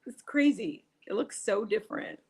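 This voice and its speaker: A woman's voice: fairly high pitch, expressive, normal speed, darkish tone, slightly rough. A middle-aged woman co-hosting a livestream, chatting casually and laughing easily. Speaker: livestream co-host. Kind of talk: casual chat.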